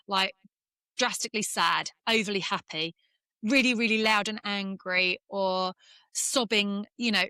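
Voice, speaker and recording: A middle-aged English woman, a former golfer, talking candidly in an interview and speaking in quick, emotional bursts with restarts. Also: mid-range voice, sharp tone, dry recording, clean studio sound. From England. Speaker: former professional golfer, guest.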